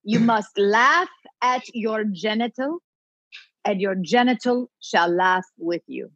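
A woman's voice: mid-range voice, slow, a bit bright, no room sound, highs cut off. A woman voicing a pompous self-declared female guru with a put-on accent, in an improvised comedy sketch. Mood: haughty. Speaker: comedy podcast regular.

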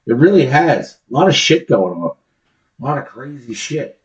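A man's voice: medium pitch, sing-song, moderate pace, highs cut off. A man co-hosting a podcast in casual chat, with a dry, blunt manner and profane asides. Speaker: podcast co-host.

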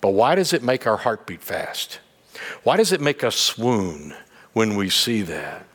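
A middle-aged man, a pastor, preaching a sermon in a conversational, animated way with light humor. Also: fairly low pitch, unhurried, husky.

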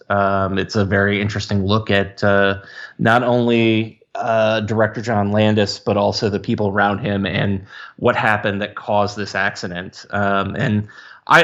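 A man talking casually as a podcast co-host, often stammering as he hunts for the right words. His voice sits on the low side and comes through dull, lo-fi audio. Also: a bit bright. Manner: hesitant, stammering, searching for words. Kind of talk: casual film discussion.

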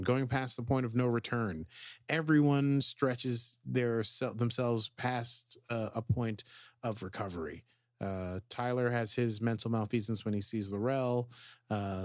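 A man co-hosting a relaxed podcast, his voice sitting in an ordinary middle register. He talks playfully, tossing in quick asides and reading quotes aloud. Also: medium pitch, dry recording, studio quality. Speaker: podcast co-host. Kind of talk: casual podcast chat.

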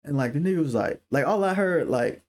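A young man with a raspy, hoarse voice, co-hosting a casual podcast and telling slangy, profane stories. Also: fairly high pitch, a little fast. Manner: animated storyteller, slangy and profane. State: hoarse throat. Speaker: podcast co-host. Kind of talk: casual chat.

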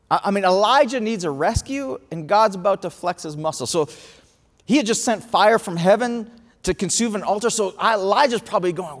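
A man preaching a sermon, telling a story with lively acted-out quotes. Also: high voice, a little fast. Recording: reverberant hall.

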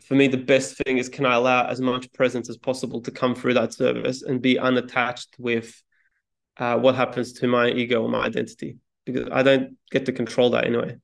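A man being interviewed as a guest, telling a story in a calm, measured way with small restarts. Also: mid-range voice, creaky. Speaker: podcast guest, speaking coach. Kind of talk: reflective interview talk.

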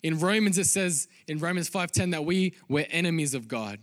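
Pastor, male, higher voice, earnest sermon delivery that swells to loud emphatic peaks. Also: animated, moderate pace, no echo.

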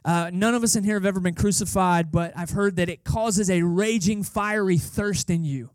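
A man's voice: high voice, normal speed, dry recording, clean studio sound. A man preaching as a guest pastor, casual and storytelling, who repeats phrases for emphasis. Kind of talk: conversational sermon. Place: church service.

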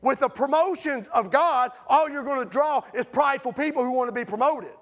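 A man preaching a sermon with passion, swinging between loud outbursts and hushed storytelling. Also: very high-pitched, brisk.

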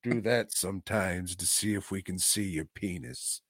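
A man's voice: deep voice, normal speed, dry recording, studio quality. A man co-hosting a podcast, retelling a movie's plot in casual, profane, jokey chat. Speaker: podcast co-host.

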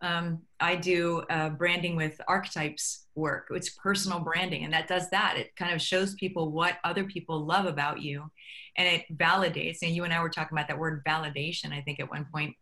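Woman, middle-aged, interview guest, bright clear tone, lowish voice, lively storytelling. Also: fairly quick. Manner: animated storyteller acting out quoted dialogue. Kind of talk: conversational interview.

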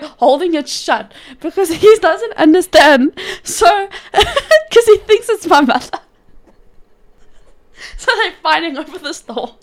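Profanity-laced high-voiced woman storyteller. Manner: profane, animated, laughs often. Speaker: podcast co-host. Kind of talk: casual storytelling.

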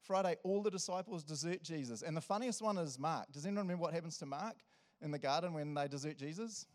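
A New Zealand-accented man with a slightly high voice talks fast, preaching a casual, joking sermon at a church service. He's energetic and chatty, constantly tossing asides to the congregation.

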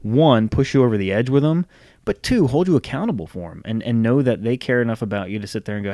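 Low-voiced man giving casual fitness advice. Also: fast talker, darkish tone, no echo, studio quality. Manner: conversational, acts out quoted friends. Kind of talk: casual motivational talk.

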